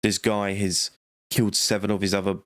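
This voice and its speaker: A man's voice: on the low side, flat delivery, brisk, a bit bright, no echo, clean studio sound. A man casually reviewing a movie, rambling and joking, laughing often and swearing.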